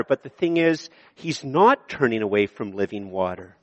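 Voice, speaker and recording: A Canadian man preaching a sermon, moving between emphatic high points and quiet, slow passages. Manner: animated preaching, shifting from emphatic to hushed. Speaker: pastor. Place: church sanctuary. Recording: long reverb of a large hall.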